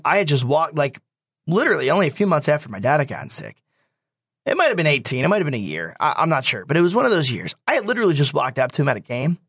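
A young man telling a personal story in casual talk, animated and quick to quote others. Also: fairly high pitch, no room sound, clean studio sound.

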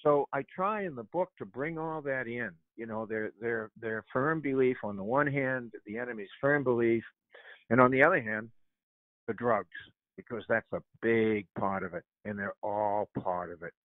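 An older man is a guest on a talk show, calling in over a tinny, phone-like line with a dry sound. He tells his stories in an animated way, often repeating words and chuckling as he goes. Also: medium pitch, moderate pace, no room sound. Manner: animated, laughs while telling anecdotes, repeats words. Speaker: author and guest. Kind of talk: conversational storytelling on a radio show.

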